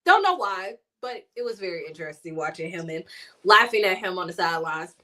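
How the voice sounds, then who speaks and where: A woman's voice: fairly low pitch, lively intonation, brisk, bright, forceful tone. A woman co-hosting a sports talk show, chatting casually and rambling, often laughing as she talks.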